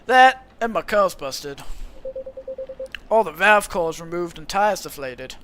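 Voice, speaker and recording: A man's voice: sits high, animated, takes it slowly, a bit bright, a little hiss or hum, exaggerated voice. A man voicing a tired, plain-spoken middle-aged male police officer who is a father. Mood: weary.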